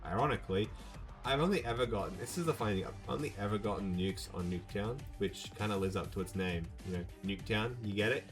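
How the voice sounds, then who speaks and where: A man's voice: fairly low pitch, fast talker, soft background music. A young man hosting a casual gaming video, rambling with many fillers and restarts.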